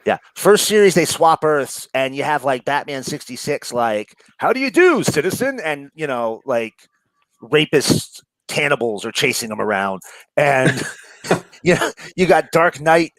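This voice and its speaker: A man with a New York accent talks about comic books in a loose, rambling way, full of "uh"s, swearing and quick laughs. His voice sits mid-range and sounds dry and close. He never follows a plan. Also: mid-range voice, expressive, fairly bright tone, dry recording, low-quality recording. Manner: rambling, profane, laughs often, many fillers. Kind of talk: casual chat.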